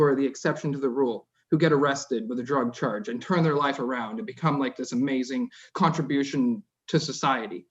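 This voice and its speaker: A man's voice: medium pitch, a little fast, few pauses. A Canadian man speaking as a city councillor at a council meeting, impassioned, his voice rising and breaking off. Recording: dull lo-fi meeting audio.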